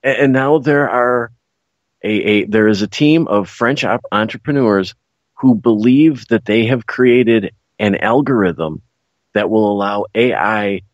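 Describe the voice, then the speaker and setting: A Chicago-accented man co-hosts a casual radio chat in a lowish voice. He talks in halting bits with restarts and dry teasing. His dry, muffled sound suggests a remote line. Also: dry recording. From Chicago area. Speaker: radio co-host.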